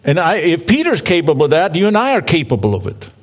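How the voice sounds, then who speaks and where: A man's voice: a little high, wildly swooping pitch, fast. A man preacher giving a conversational sermon in church, reading scripture aloud and inviting the congregation to read along, with playful asides to the listeners. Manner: reads scripture aloud and asks the congregation to join in.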